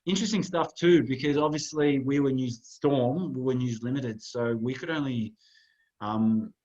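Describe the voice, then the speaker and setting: A man's voice: mid-range voice, normal speed, darkish tone, muffled recording. A man, co-hosting a casual sports podcast and rambling through photos with plenty of fillers. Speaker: podcast co-host.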